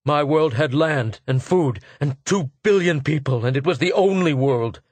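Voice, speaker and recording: A man's voice: medium pitch, measured pace, no room sound, close to an everyday voice. Man doing a furious, defiant tailor. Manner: bitter, defiant outbursts. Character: angry middle-aged male tailor lost in time.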